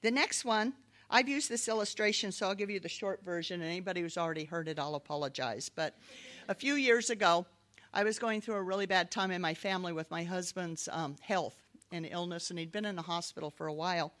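A woman's voice: fairly low pitch, fairly quick, a bit bright. Earnest middle-aged woman sharing testimony. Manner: earnest storytelling with light laughs. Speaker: speaker giving a devotional talk. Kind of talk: personal testimony in a sermon.

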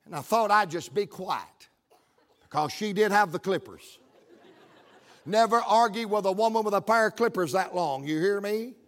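A man preaching a sermon, telling a funny story in a folksy, animated way that builds up to shouting. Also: sits high, normal speed. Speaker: pastor.

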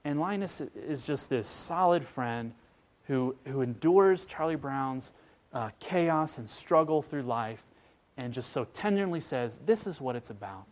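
A man preaching a sermon as pastor, telling a story with animated voices for its characters. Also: medium pitch, slow.

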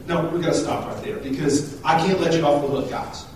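Male pastor, high voice, jokey and chatty; distant mic in a very echoey hall with faint hiss. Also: brisk, few pauses, a little mellow. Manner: joking, conversational, with frequent restarts. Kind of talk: sermon. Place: church hall.

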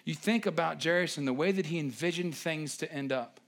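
A man preaching a sermon with a slightly high voice. He talks in an animated, chatty way and turns often to speak to the congregation. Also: brisk. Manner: animated, conversational preaching with asides to the audience.

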